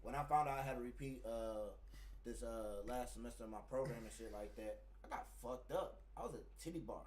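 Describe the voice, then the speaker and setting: Man telling a story, cursing and animated, sits back from the mic, faint hiss. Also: medium pitch, a little fast. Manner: profane, animated storytelling, acts out heated quotes. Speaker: storyteller in casual chat. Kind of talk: casual chat. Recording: distant mic, faint background noise.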